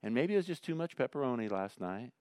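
A man preaching a sermon in a conversational way, swinging between loud emphasis and quiet asides. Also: medium pitch, sing-song, fast talker, dry recording, clean studio sound. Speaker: pastor.

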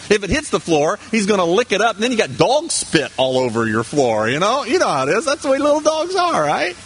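A man's voice: high-pitched, wildly swooping pitch, fairly quick, a bit bright, husky. A man preaching a sermon in a conversational manner, with asides and rhetorical questions to the congregation. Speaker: pastor.

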